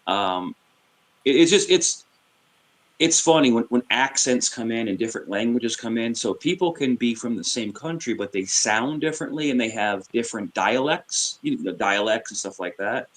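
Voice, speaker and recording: A man's voice: medium pitch, lively intonation, normal speed, fairly bright tone. A man in his fifties with a New York accent, rambling in casual chat and often restarting his sentences. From New York City. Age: 50s.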